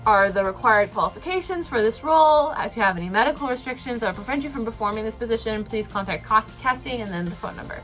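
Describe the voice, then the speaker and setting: A woman's voice: on the high side, a bit bright. A young woman telling an emotional personal story to camera, rambling with lots of fillers. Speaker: vlogger.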